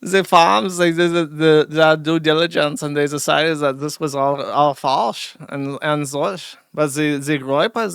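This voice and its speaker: Male stream host, gravelly voice, dry sound, sardonic rambler. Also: fairly high pitch, fairly even intonation, a little slow, a bit bright, no room sound. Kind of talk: casual live-stream commentary.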